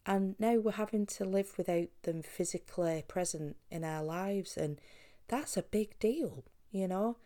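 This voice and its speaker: A woman's voice: mid-range voice, measured pace, dark tone. A woman hosting a podcast, speaking earnestly and reassuringly straight to the listener. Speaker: podcast host on pet bereavement. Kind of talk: direct-address podcast talk.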